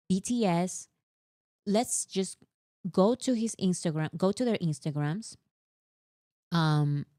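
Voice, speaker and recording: Low-voiced chatty woman in dry room. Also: no echo. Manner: animated, exasperated, over-explains with fillers. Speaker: co-host. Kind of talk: casual fan chat.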